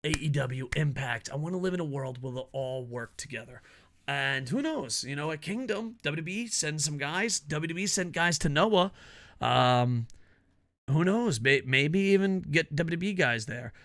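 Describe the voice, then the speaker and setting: Excitable, foul-mouthed man with a higher voice. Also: moderate pace. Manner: profane, excitable, laughs a lot. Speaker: wrestling commentary host. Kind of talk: casual opinion rant.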